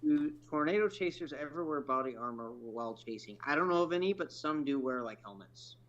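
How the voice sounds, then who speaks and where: A man from Oregon, a fellow storm chaser, chatting casually on a livestream in a relaxed, agreeable way. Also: a little high, a little fast, lo-fi sound. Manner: relaxed, agreeable, lots of filler words.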